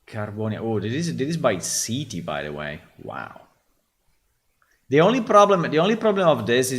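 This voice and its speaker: A man from Italy with an Italian accent, a game developer host talking casually while browsing, halting and restarting as he thinks aloud. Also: mid-range voice. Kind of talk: casual screen-share talk.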